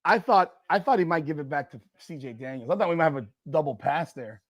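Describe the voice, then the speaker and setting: A man hosting a live watch party, reacting loudly and profanely to a football game and arguing with the chat. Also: a little high, fast talker, lo-fi sound. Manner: excitable, profane, argues with chat and the broadcast.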